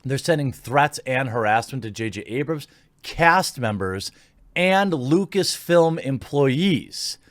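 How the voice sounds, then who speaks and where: A man's voice: medium pitch, expressive, slow, dry recording, studio quality. A man giving opinionated commentary, sarcastic and indignant, reading posts aloud and reacting to them.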